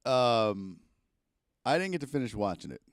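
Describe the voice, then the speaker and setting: A sports talk show host with a mid-range voice at normal speed rambles animatedly on a casual livestream. He swears freely into a microphone plugged into a camera.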